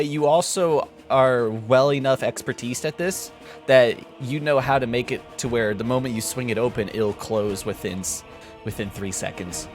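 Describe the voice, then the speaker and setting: Man, game master, tabletop game, animated, mid pitch, faint music behind. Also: measured pace.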